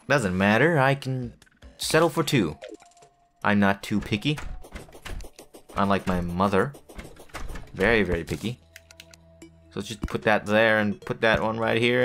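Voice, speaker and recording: A man's voice: on the low side, a little slow, long pauses, fairly bright tone, soft background music. A man giving rambling, jokey commentary to himself while playing a building game. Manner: rambling, self-talking, jokey asides. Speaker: gaming video creator. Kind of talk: casual gameplay commentary.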